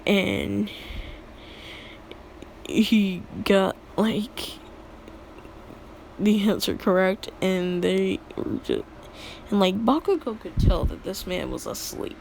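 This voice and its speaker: A woman's voice: medium pitch, expressive, takes it slowly, vocal fry, pauses often, darkish tone, a little hiss or hum. A young woman casually retelling a made-up story in a rambling, filler-heavy way, laughing at her own jokes.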